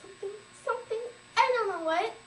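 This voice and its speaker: A woman voicing a frantic mother who screams over something found under a bed, with shrill, panicky cries. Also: sing-song, fast, a bit bright, slight background noise, heavily acted. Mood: frightened. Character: frantic screaming mother, fussy about cleaning. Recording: echoey room, mic far off.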